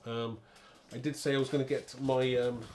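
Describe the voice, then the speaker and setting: A man's voice: mid-range voice, little pitch movement, normal speed, darkish tone, a little hiss or hum. A man hosting a live card-making demo, chatty and rambling, thinking aloud and laughing at his own muddles.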